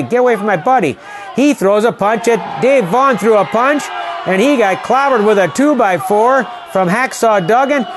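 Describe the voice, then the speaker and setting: A man from St. Louis giving excited play-by-play commentary at ringside, repeating his calls and shouting at the big moments. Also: fairly high pitch. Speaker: wrestling commentator. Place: ringside at a community center.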